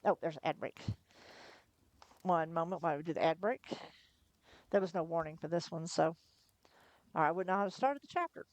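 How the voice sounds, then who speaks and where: A woman reading a novel aloud on a livestream in first person, chatty between chapters, her voice going hoarse. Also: fairly low pitch, normal speed, long pauses, dry recording. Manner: chatty, laughs between asides. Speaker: livestream storyteller.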